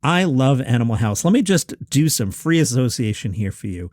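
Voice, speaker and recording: A man's voice: mid-range voice, very animated, a little mellow, no room sound, studio quality. A man in his fifties hosting a solo podcast at home, chatting wryly through lists of movies. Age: 50s. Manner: chatty, wry asides and quick lists. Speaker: podcast host. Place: home room.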